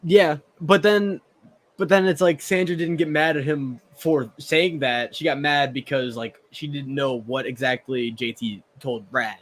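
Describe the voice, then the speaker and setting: A man's voice: a little high, fairly even intonation, measured pace. A man with a Southern American accent co-hosting a podcast, chatting casually and often repeating words as he starts a sentence. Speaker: podcast co-host. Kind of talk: casual chat.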